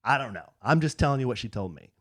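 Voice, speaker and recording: A man co-hosting a podcast, telling a story in a casual, animated way and acting out the people in it. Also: mid-range voice, fast talker, dry recording. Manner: animated storyteller, acts out quoted voices, laughs often. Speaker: podcast co-host. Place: podcast studio.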